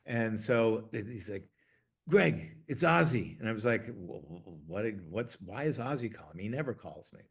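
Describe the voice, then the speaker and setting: A middle-aged man from Ohio, a TV producer, telling stories in a casual, chatty way, full of fillers and restarts, getting lively when he quotes others. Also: on the low side, normal speed, few pauses, breathy edge. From Ohio, USA. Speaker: TV producer interviewee. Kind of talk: casual anecdotal storytelling.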